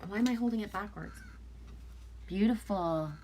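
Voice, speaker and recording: A woman's voice: medium pitch, normal speed, a little mellow, slight background noise. A woman whose first language is French, casually chatting with viewers and reading oracle cards aloud in a live stream. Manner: chatty, loose, talks back to viewers' comments. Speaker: oracle card reader.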